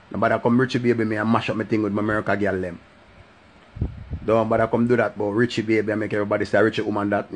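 Animated Jamaican man ranting on a live stream. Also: lowish voice. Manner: animated patois talk with a sing-song repeated catchphrase. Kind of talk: casual live-stream rant.

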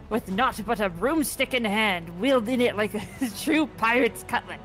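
Hammy pirate captain announcer played by a woman, high voice, faint music under her. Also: fairly bright tone, natural voice, poor audio. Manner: hammy pirate accent, breaking into giggles. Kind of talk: reading an AI battle narration aloud.

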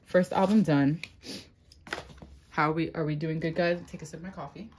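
A young woman vlogging an unboxing in casual chat, excitable, swearing a lot and breaking into gasps and squeals. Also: low-pitched, normal speed, slight background noise.

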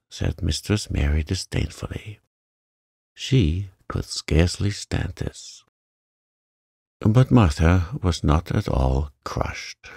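Deep, slow, gravelly sleep-story narrator. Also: male voice, lively intonation, dry recording, clean studio sound. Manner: gentle, soothing reading.

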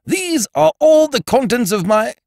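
A man voicing an excitable, blustering young English schemer who stammers and bursts out indignantly. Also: very high-pitched, a little slow, gravelly, no room sound, studio quality, pitched above the performer's own voice, heavily acted.

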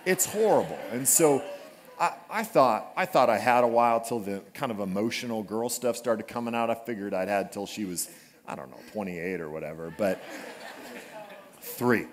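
A man's voice: fairly low pitch, moderate pace, slight background noise. Joking man preaching a sermon. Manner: humorous storytelling, animated asides. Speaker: pastor. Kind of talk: conversational sermon. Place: church sanctuary.

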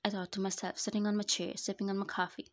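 A woman's voice: medium pitch, level tone, fast talker. Woman narrating fan fiction. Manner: conversational first-person storytelling. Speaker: narrator and author.

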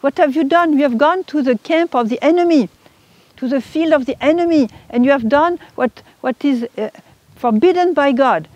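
A woman's voice: medium pitch, sing-song, a little fast, few pauses, a little mellow, husky, no echo. A woman voicing a fervent woman who proclaims urgently at a prayer meeting. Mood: accusing. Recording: dull lo-fi recording.

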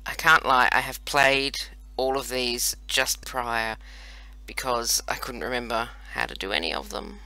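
Unhurried and medium-pitched, this Australian let's play host of about forty sounds pushed and bright as he plays a video game. He offers casual commentary full of chatty, playful, self-mocking banter, with no room sound in the recording.

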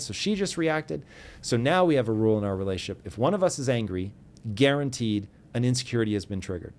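A man's voice: mid-range voice, darkish tone. A middle-aged man, a podcast guest, telling a personal story and acting out both sides of an argument. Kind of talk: casual storytelling.

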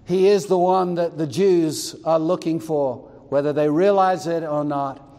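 A man's voice: on the high side, steady tone, unhurried, mellow, long reverb tail. A male pastor preaching a sermon in an emphatic, expository way with asides.

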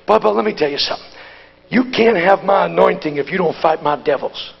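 A man preaching a Pentecostal sermon at a conference. He talks in a folksy, plain-spoken way and swings from hushed asides to shouted exhortation. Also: on the high side, quick pace, vocal fry, breathy edge, dull audio.

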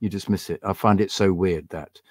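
A man's voice: low voice, moderate pace, slightly rough, no room sound. An older man co-hosting a football podcast in casual chat, talking animatedly and acting out his own frustration. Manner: animated, acts out his own angry outbursts. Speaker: podcast co-host.

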